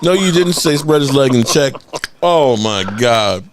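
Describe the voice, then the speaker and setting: A man's voice: mid-range voice, expressive, measured pace, noisy background. A man hosting a live sports reaction stream, laughing often and mockingly repeating clips.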